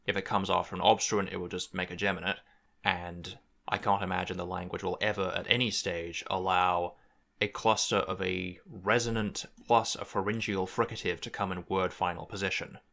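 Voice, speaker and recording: A young man with a lowish voice talks through a tutorial, thinking aloud as he works. He muses, stops to correct himself and weighs each sound with care. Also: bright, forceful tone. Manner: musing, self-correcting, precise about sounds. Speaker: conlang creator.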